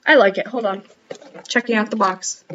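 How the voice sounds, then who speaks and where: A woman's voice: mid-range voice, fairly even intonation, normal speed, fairly bright tone, distant mic, muffled recording, slight background noise. A young woman streamer chatting casually, rambling and giggling at herself. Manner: giggly, rambling, self-mocking. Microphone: headset.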